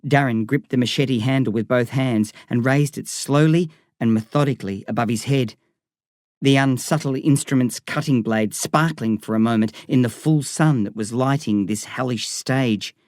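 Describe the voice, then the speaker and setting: A man reading a novel aloud in measured, vivid scripted narration. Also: mid-range voice, darkish tone, dry recording, clean studio sound. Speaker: audiobook reader.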